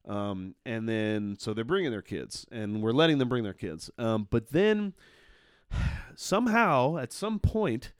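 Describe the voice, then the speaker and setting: A man's voice: medium pitch, sing-song, a little slow, clean tone, dry recording, studio quality. A man co-hosting a casual podcast, ranting with heavy swearing. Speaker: podcast co-host. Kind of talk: casual chat.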